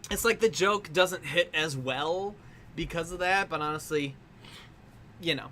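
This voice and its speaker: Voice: medium pitch, unhurried, sharp tone, slight background noise. A livestreaming artist chatting casually while drawing, rambling and laughing, with frequent swearing and restarts. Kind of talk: casual rambling stream chat.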